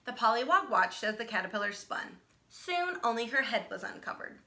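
A woman teacher reading a children's picture book aloud, animated and asking her listeners questions. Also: on the high side, normal speed, creaky. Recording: echoey room.

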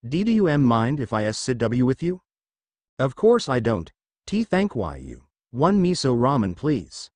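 A man's voice: medium pitch, wildly swooping pitch, unhurried, darkish tone, no echo. A man voicing a very shy young girl who stutters timidly.

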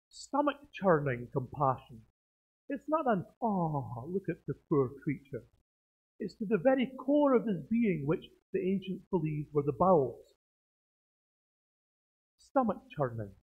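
A man, a pastor, preaching a sermon in a church through a face mask, with animated delivery and self-mocking jokes. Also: fairly high pitch, slightly rough. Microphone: speaking through a face mask. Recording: tinny phone-like sound.

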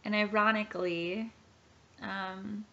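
A woman's voice: mid-range voice, steady tone, slow, fairly bright tone. A woman in her thirties giving an earnest, heartfelt personal testimony in a home vlog. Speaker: Christian sharing her testimony. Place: home nursery. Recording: dull lo-fi recording.

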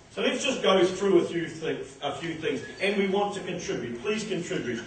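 A man leading a live workshop, talking to a group with exuberant, emphatic delivery and sudden shifts in stress and loudness. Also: on the high side. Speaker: workshop presenter. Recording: echoey room from far off, faint noise.

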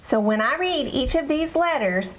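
A woman voicing a friendly girl puppet who teaches children in a church puppet show, speaking in a bright, encouraging storybook tone. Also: sits high, animated, normal speed, low-quality recording. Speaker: puppet presenter.

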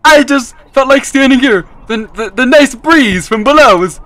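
A player putting on a clumsy gentleman detective with a shaky, stammering British accent. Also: sits high, animated, no room sound. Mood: hammy. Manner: stammering, halting put-on accent.

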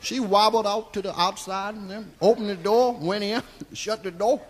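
A comedian playing a crude, rambling old Southern storyteller with a Southern US accent, drawling folksy tales on a live stand-up stage. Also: male voice, high-pitched, fairly even intonation, normal speed. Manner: drawling, folksy, keeps tagging lines with "see?". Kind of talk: live stand-up character monologue.

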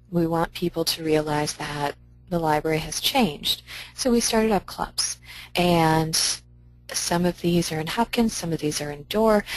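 A woman library director gives a conference presentation in an upbeat, conversational way, offering practical advice. Her voice sits a little low. The sound is dry and close, with no room echo.

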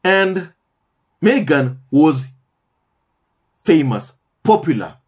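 Husky emphatic man with lively pitch. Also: drawn-out words. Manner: emphatic, repeats phrases for stress; addresses viewers as "my family". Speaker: commentary channel host. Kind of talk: casual monologue commentary.

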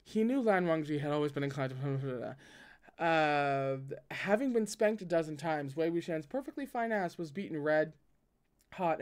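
Guy reading a book out loud and chatting about it, voice a bit on the high side. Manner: conversational, breaks off to comment. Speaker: reader and commentator. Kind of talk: reading a novel aloud with commentary.

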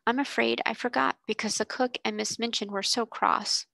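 A woman's voice: a little high, steady tone, moderate pace, vocal fry, a bit bright, no echo. A woman voicing an earnest, thoughtful young girl who loves books, speaking in an eager, sincere way in a storybook reading.

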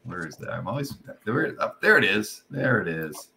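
An upbeat male host running a live stream for comic art sales. He speaks in a somewhat low register with a bright, forceful tone, and a faint hum sits behind him. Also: big pitch swings, moderate pace, vocal fry. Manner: upbeat, moves the show along. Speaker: show host.

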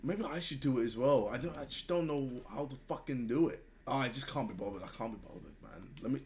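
A young man, commentating his own football video game in a loud, sweary way, switching from mock rage to gloating. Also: mid-range voice, fast. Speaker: gaming YouTuber. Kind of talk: live gameplay commentary.

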